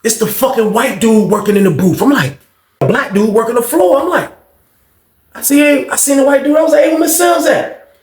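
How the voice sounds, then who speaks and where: A man telling a story casually and animatedly, jumping up in pitch to act out other voices. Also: fairly quick. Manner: animated, acting out voices with big pitch jumps. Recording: echoey room.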